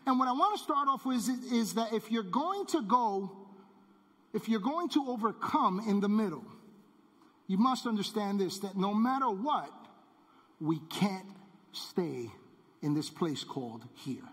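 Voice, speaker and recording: High-voiced preacher in a reverberant hall. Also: male voice, lively intonation, moderate pace, a bit bright. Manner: emphatic preaching, repeats phrases, drops low for key words. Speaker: pastor. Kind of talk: sermon.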